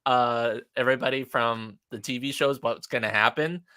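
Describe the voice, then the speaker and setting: A man chats loosely on a live stream, with plenty of "like" as he talks. His voice is bright and forward at a middle pitch. The recording is dry and close. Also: fairly even intonation, smooth, dry recording. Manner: chatty, peppered with "like" and quick laughs. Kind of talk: casual live-stream chat.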